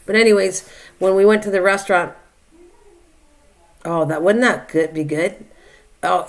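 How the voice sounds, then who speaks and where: Rambling, chatty older woman. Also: mid-range voice. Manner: rambling, chatty, reads viewer comments aloud and answers them. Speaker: live stream host. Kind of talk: casual chat.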